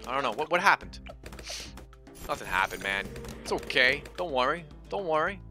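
A man streaming a game, rambling and swearing, swinging between loud outbursts and low mumbling. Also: sing-song, normal speed. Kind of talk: casual live-stream commentary. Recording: faint game music behind.

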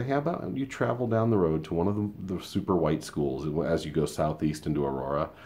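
A man in his fifties with an extremely deep, low voice talks through a casual opinion monologue. He rambles from story to aside in an easy, conversational way, with a faint hiss of noise behind him. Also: a little mellow. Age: 50s. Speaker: school paraprofessional and show host.

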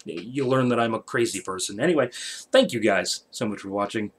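A man's voice: on the low side, a little fast, breathy edge. Male channel host, loose and profane, drifts off topic in a late-night casual update. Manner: rambling, profane, joking.

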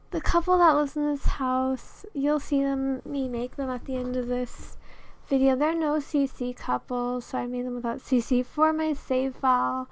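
A woman's voice: high-pitched, dry recording. A young woman chatting casually over a game video, rambling with lots of fillers and little laughs. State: out of breath. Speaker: Sims builder and video creator.

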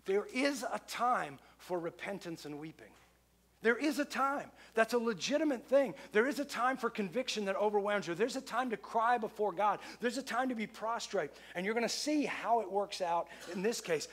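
High-voiced man preaching a conversational sermon. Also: expressive, normal speed. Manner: conversational, repeats phrases for emphasis. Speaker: pastor.

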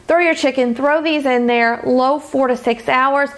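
An upbeat woman with a Louisiana drawl walks viewers through simple recipes in a chatty, casual tone. Her voice sits a little high, and she keeps calling her audience gang and y'all. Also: a little slow. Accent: Louisiana Southern. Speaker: dietitian and cooking host. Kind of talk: casual cooking tutorial.

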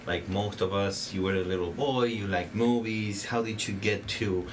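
A man with a Spanish accent hosts a relaxed interview podcast. His voice sits on the low side and he circles his questions with fillers and restarts. Clear background noise hangs in the room. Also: moderate pace. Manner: hesitant, many fillers and restarts. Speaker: podcast host. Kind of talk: casual interview chat.

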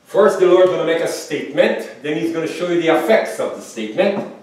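A man's voice: expressive, brisk, a little hiss or hum. A male pastor preaching a sermon, reading scripture aloud and often asking the congregation "Amen?". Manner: preaching, rises loud and high reading scripture. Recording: echoey hall from far off.

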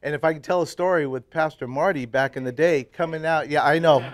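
A man in his fifties, a church pastor, casually telling his life story to a men's breakfast group, swinging from loud, laughing bursts to quiet, earnest stretches. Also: fairly high pitch, a little fast. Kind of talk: casual personal testimony talk. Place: live talk to a roomful of men at a breakfast.

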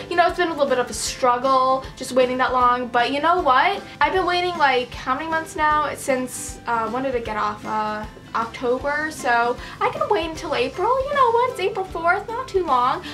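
A woman's voice: on the high side, sharp tone. A young woman vlogging a casual reaction, gushing and giggly, with lots of "like". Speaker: book vlogger. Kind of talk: excited casual vlog reaction.

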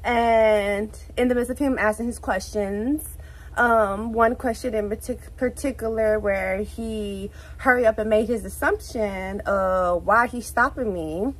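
A young woman with a Houston accent, telling a story to her vlog in a casual, animated way, full of swearing and "like, literally" fillers. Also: a little high, unhurried, breathy edge, rough recording. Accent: Southern US, Houston. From Texas, USA. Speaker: vlogger.

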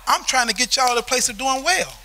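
A man preaching a sermon as pastor, telling a story in an animated way that swells into shouting. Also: very high-pitched, fairly quick, a little hiss or hum. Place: church sanctuary.

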